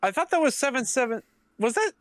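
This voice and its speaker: A man's voice: extremely high pitch, big pitch swings, quick pace, a bit bright, no room sound. A man co-hosting a podcast, cutting in with short remarks in casual chat. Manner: short chiming interjections. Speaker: podcast co-host.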